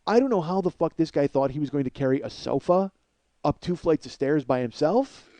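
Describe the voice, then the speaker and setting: Profane, animated male comic storyteller. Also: on the high side, a little fast, no room sound. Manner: profane, animated storyteller addressing listeners as folks. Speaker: podcast host. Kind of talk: comedic storytelling monologue.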